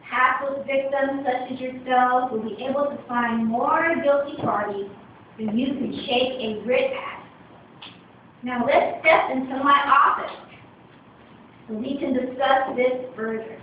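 A woman voicing a sly, smooth-talking male fox lawyer in a storybook reading. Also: high-pitched, fairly even intonation, measured pace, a little hiss or hum. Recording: echoey room from far, dull lo-fi.

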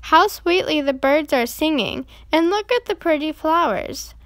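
Storybook wicked wolf, sweet and sly, soft-spoken; a woman reads him, high and dry. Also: animated, a little slow, dry recording. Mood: coaxing. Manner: soft coaxing voice, a growl beneath.

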